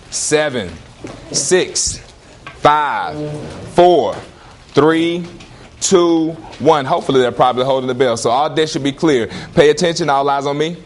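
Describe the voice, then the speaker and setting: A male teacher leading a classroom lesson, firing questions at students in lively call-and-response. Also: a little high, noisy background.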